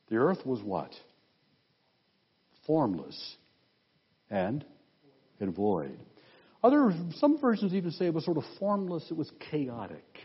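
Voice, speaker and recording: Husky-voiced man preaching a sermon. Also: mid-range voice. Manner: teacherly, asks the congregation questions, reads scripture aloud with comments. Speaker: pastor. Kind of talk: expository sermon. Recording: dull lo-fi sound.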